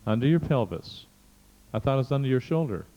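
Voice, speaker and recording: A man's voice: mid-range voice, lively intonation, brisk, mellow. A man leading a live seminar exercise, coaxing and pushing a participant with short, insistent prompts. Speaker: seminar leader. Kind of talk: guiding a participant through a live workshop exercise. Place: seminar hall. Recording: muffled seminar tape with long hall reverb.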